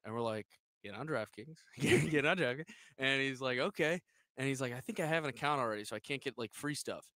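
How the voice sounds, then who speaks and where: A man co-hosts a sports radio show and tells stories with real energy. He acts out his friends' lines as he goes. His voice is bright and forceful, and the sound is dry and close. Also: mid-range voice, fairly quick, dry recording. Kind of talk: casual on-air storytelling.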